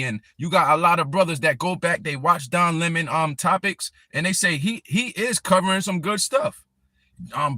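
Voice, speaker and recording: Studio-quality and dry, the recording captures a man with a fairly high, sharp voice ranting angrily on a live stream, aiming his words straight at the person he criticizes.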